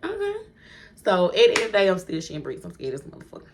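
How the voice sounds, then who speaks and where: A woman with a slightly low voice tells a storytime for her vlog, speaking straight to her viewers. She is animated and chatty, swears freely and laughs often along the way. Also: very fast, background noise. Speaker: vlogger.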